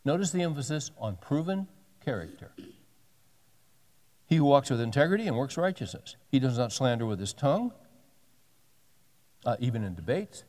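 In his sixties, this pastor gives an easygoing, folksy sermon, his scripture reading building in emphasis between dry, joking remarks. He speaks at medium pitch, and long reverb suggests a large hall.

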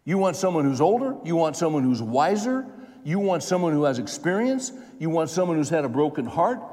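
A man's voice: fairly high pitch, big pitch swings, fairly quick, mellow, long reverb tail. A man in his seventies preaching a sermon in a folksy, conversational way, repeating phrases for emphasis. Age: 70s.

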